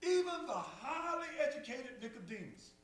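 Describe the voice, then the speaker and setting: A man's voice: very high-pitched, sing-song, normal speed, fairly bright tone. A man preaching a call-and-response sermon, repeating phrases and rising in fervor. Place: church sanctuary. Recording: echoey church from far off, faint hum.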